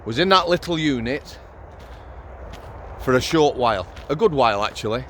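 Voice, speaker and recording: A man's voice: mid-range voice, animated, moderate pace, fairly bright tone. Middle-aged man, ex-prison officer vlogger; blunt, sweary storytelling, outdoors with faint street noise. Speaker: former prison officer, channel host. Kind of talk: casual vlog storytelling.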